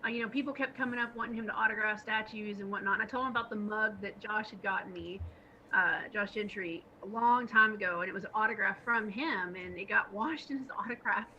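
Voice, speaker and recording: Bright, laughing woman telling stories. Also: mid-range voice, fairly quick, muffled recording, a little hiss or hum. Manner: laughs often, animated retelling with put-on quotes. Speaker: podcast co-host. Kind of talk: casual storytelling chat.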